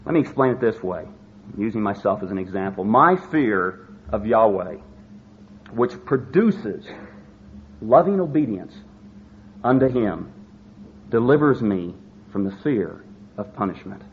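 A man preaching a sermon, stressing key words and slowing down to drive his points home. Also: on the low side, animated. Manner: emphatic, slows down to stress words. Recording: slightly dull lo-fi recording with faint noise.

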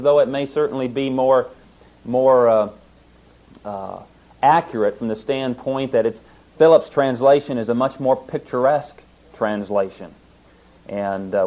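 Male Bible teacher, mid-pitched, earnest and emphatic, preaching on a dull lo-fi recording. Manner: earnest, emphatic, rises in pitch to stress points. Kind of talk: sermon-style Bible teaching.

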